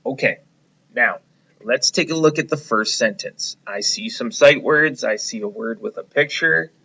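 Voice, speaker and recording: A man leads young children through a reading lesson, slow and encouraging as he takes them step by step. His voice is bright and clear, though the audio is a little dull and lo-fi. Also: mid-range voice. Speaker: teacher.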